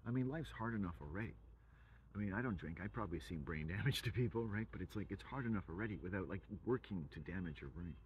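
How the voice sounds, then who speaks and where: A man's voice: sits low, animated, quick pace, a little mellow, slight background noise, rough recording. A man from England, rambling through a profane, provocative monologue full of wordplay.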